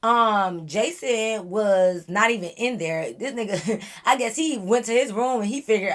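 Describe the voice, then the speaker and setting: A young woman vlogger telling a wild storytime to her viewers in an animated, slangy way. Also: mid-range voice, a little slow, hardly any pauses. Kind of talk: storytime chat to camera.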